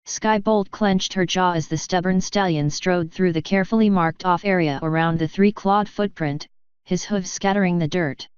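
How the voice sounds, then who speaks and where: A woman narrating a fanfiction audiobook in a steady storytelling manner. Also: fairly low pitch, normal speed, clean tone, no room sound. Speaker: fanfiction reader. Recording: dry, slightly muffled.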